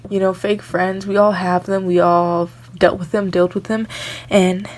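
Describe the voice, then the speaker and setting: A woman's voice: on the low side, little pitch movement, measured pace, darkish tone. A young woman doing a medium reading on her vlog, earnest and rambling, full of "you know" fillers. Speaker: tarot reader.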